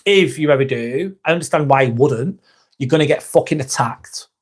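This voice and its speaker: A man's voice: mid-range voice, lively intonation, moderate pace, slightly rough. A man hosting a casual live stream, reading viewer comments aloud, calling people mate and standing firm with trolls.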